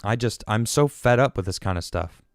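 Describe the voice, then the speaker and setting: A man hosting his own political podcast, ranting in an exasperated, animated way and often restarting his sentences. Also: on the low side, moderate pace, dry recording, studio quality. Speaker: podcast host.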